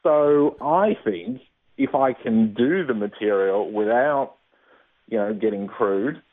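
Chatty comedian on a tinny line. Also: male voice, mid-range voice, lively intonation, takes it slowly. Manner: chatty, self-mocking, laughs often. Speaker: stand-up comedian, guest. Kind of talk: casual interview answers. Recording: tinny phone-line sound.

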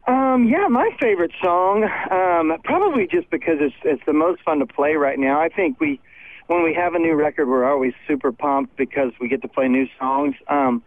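Upbeat musician on a tinny phone line. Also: male voice, a little high, moderate pace, dry recording. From United States. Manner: upbeat and laid-back, says "man" often. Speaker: touring worship musician, guest. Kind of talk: phone interview on live radio. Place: outside a tour bus, walking into a concert venue.

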